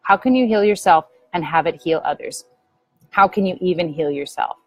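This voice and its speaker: A middle-aged woman speaking earnestly to viewers as a spiritual teacher, gently guiding them through a prayer practice. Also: lowish voice, normal speed, no room sound, faint music behind, low-quality recording. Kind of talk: earnest spiritual talk to camera.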